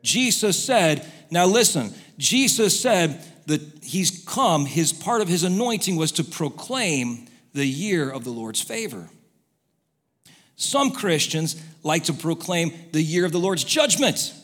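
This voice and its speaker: A man preaching a sermon, telling stories and moving between quiet asides and loud exhortation. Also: on the high side, sing-song, slow. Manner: storytelling, swings from soft to loud exhortation. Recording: long hall reverb.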